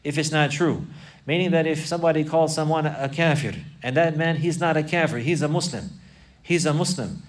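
Recorded from a distance, a man with a fairly high voice teaches a religious class at a slightly fast pace. As an Islamic teacher, he repeats phrases, quotes Arabic texts, and then explains them.

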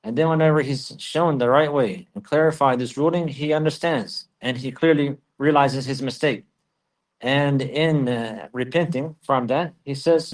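A man teaching a religious lesson in a mid-range voice, measured and explanatory. He often says a key phrase twice to drive it home. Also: medium pitch. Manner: repeats key phrases for emphasis.

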